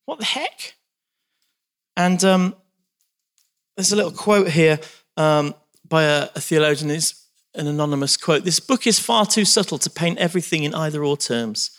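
A man's voice: fairly high pitch, a little fast, fairly bright tone. A man preaching a sermon, reading scripture aloud with dramatic emphasis and talking to the congregation.

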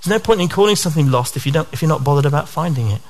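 A man's voice: on the high side, animated, rapid-fire. Earnest male preacher giving a sermon. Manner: earnest, asks rhetorical questions.

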